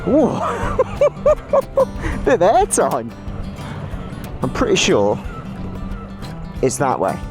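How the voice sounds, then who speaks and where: A man's voice: high-pitched, huge pitch swings, very slow, pauses often, music in the background. A young man giving casual commentary while riding a motorbike outdoors, exclaiming, swearing and laughing at himself, recorded on an action camera with a portable recorder. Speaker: motorcycle vlogger.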